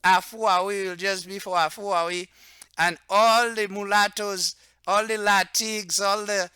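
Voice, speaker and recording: Man with Patois roots, self-styled religious leader, off-the-cuff monologue; smooth, dry close-mic sound. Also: high-pitched, steady tone, pushed and bright, dry recording. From Dominica. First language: Antillean Creole (Patois). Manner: rambling, repeats "okay?" and "right?", turns heated and slower when stressing points. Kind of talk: unscripted monologue to camera.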